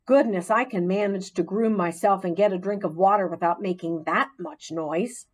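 A woman narrating a children's storybook in an expressive, gently dramatic way. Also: mid-range voice, moderate pace, low-quality recording. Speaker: audiobook narrator.

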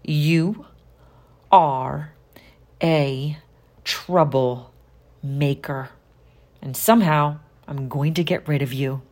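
A woman's voice: sits low, very slow, long pauses, darkish tone, heavily acted. A woman doing a grumpy stern teacher. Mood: menacing. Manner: grumbling, cold. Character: stern grumpy female schoolteacher.

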